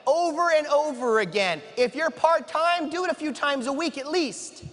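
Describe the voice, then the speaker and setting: A man giving an energetic motivational talk to an audience, asking the room questions and acting out conversations. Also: extremely high pitch, moderate pace, hardly any pauses. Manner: energetic, asks the room questions, acts out dialogue. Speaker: motivational speaker. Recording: long hall reverb.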